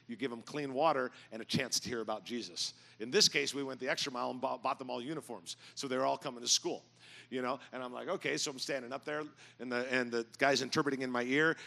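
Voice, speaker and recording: Middle-aged man pastor, gravelly and bright, jokey animated storyteller preaching to a church crowd. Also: mid-range voice. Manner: animated, jokey storyteller, bursts into loud mock yelling. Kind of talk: storytelling sermon. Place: church auditorium with audience.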